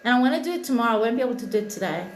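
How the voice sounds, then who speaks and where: A woman's voice: a little high, animated, rapid-fire. A woman hosting a livestream, talking in an impassioned, blunt and profane way, preaching self-love and thanking viewers. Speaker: live stream host, spiritual reader. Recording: echoey room with faint noise.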